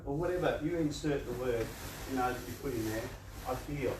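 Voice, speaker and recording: A man's voice: mid-range voice, fast, a little mellow, slight background noise. Man talking in an echoey hall. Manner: conversational, playful, laughs often and acts out inner voices. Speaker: youth organisation speaker. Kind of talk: motivational talk to a live audience. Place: large room with an audience. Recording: echoey room, voice picked up from a distance.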